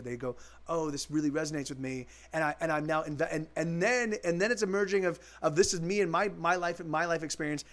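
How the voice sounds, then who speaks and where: High-voiced man chatting to his stream. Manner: rambling, with many restarts and casual swearing. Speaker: musician streaming live. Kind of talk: casual live-stream chat with viewers.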